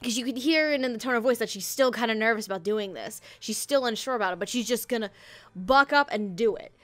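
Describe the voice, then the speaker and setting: A woman's voice: a little high, quick pace. A woman hosting a casual podcast chat, rambling and self-correcting, laughing often. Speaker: podcast host reviewing an audio drama.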